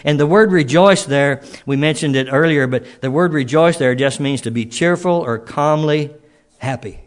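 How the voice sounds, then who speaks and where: A man preaching a sermon in a folksy, conversational way, stopping and restarting his sentences and dropping into soft asides. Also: medium pitch, normal speed.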